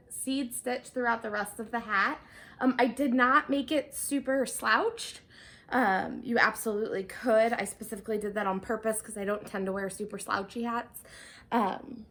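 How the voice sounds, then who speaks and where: A woman's voice: mid-range voice, a bit bright. A young woman hosting a knitting podcast in a casual, chatty way, full of ums, a bit out of breath. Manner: chatty, bubbly, many ums. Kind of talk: casual video podcast chat.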